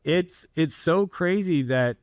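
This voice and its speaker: A man's voice: on the high side, lively intonation, slow, no room sound, studio quality. A man in his thirties from Canada, a guest in an interview, telling his story in an earnest, rambling way with many asides. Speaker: guest entrepreneur.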